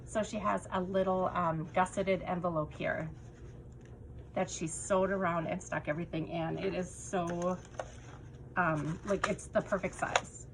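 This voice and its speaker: A woman vlogger gushing her way through unboxing handmade craft swap items, often dropping to soft whispers. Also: on the low side, fairly even intonation, unhurried, creaky, background noise. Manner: gushing, breathless with delight, drops to soft whispers. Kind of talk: casual unboxing chat.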